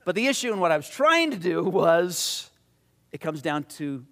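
A man's voice: on the high side, big pitch swings, normal speed, fairly bright tone. A man, a pastor or Bible teacher, telling a story to a midweek Bible study in a conversational way, repeating words and growing emphatic as he makes his point.

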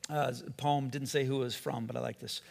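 A middle-aged man preaching a sermon in a conversational, animated way, often restarting his sentences. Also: mid-range voice, fairly quick, vocal fry, big-room sound. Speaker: pastor.

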